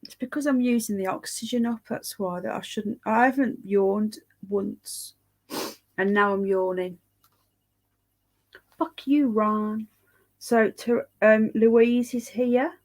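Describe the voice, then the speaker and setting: A woman on a relaxed home livestream, tired and yawning as she chats. Her voice sits a little high, loose and rambling, with a casual swear here and there. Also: measured pace. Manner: chatty, rambling, swears casually, greets viewers by name. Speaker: livestream host reading live chat.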